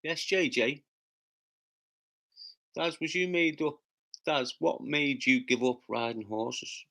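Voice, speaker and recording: Brash Scouse man with a bright edge. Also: medium pitch, creaky. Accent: Liverpool (Scouse). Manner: brash, rapid-fire banter with swearing; bursts into loud taunting rants. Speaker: livestream host reading chat comments. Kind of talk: casual live chat.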